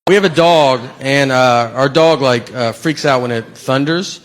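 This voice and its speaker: A middle-aged man doing a deadpan, self-deprecating stand-up routine on a theater stage. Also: mid-range voice, unhurried. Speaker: stand-up comedian. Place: theater stage before a laughing audience. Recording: live show with audible crowd.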